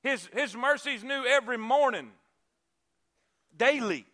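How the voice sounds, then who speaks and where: A male pastor preaching a sermon, repeating key phrases and swinging from loud emphasis to hushed asides. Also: very high-pitched, lively intonation, a little slow.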